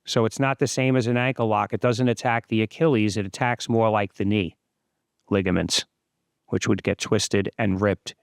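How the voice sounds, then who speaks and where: A man in his fifties, host of his own channel, giving relaxed, explanatory voice-over commentary on sparring footage. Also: lowish voice, normal speed, creaky, clean tone, dry recording, clean studio sound. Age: 50s.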